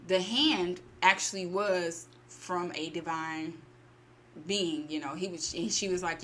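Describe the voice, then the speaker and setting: A woman casually retelling a short story to her channel, acting out the characters' lines with lively bursts. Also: on the low side, unhurried, slight background noise. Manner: animated, acts out character lines. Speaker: storytelling host.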